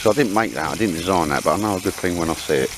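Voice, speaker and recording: A man's voice: low voice, expressive, rapid-fire, noisy background. A man chatting casually at a woodland camp, joking and bantering in army slang. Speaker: camping vlogger. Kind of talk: casual outdoor chat.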